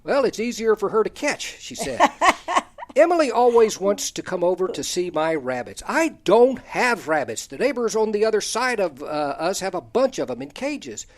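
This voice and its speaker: A man's voice: high-pitched, big pitch swings, normal speed. An older man hosting a talk show, reading out a folksy, humorous story about kids and chuckling at his own jokes. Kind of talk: reading a personal column aloud, then casual chat.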